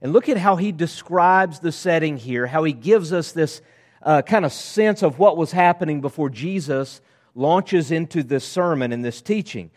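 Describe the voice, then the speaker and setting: A man preaching a sermon, lively and conversational, acting out voices of the crowd and disciples in casual asides. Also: a little high, moderate pace. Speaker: pastor.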